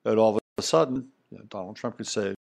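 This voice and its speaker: A man's voice: fairly low pitch, fast, gravelly, darkish tone. Male podcast host, middle-aged, casual emphatic monologue with asides. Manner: rambling, emphatic, conversational, with frequent asides.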